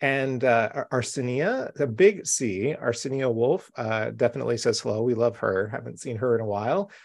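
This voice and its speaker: A man's voice: medium pitch, normal speed, vocal fry. A man hosting a live-streamed craft show from home, chatty, upbeat and welcoming. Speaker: host.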